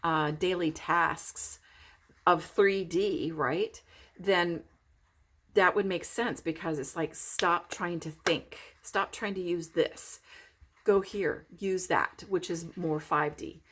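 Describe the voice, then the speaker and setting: A woman's voice: lowish voice, steady tone, slow, fairly bright tone. A middle-aged woman recording a casual vlog while recovering from illness, talking in a rambling, heartfelt way with many fillers and restarts. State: recovering from illness, foggy-headed. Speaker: vlogger. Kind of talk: casual spiritual vlog talk.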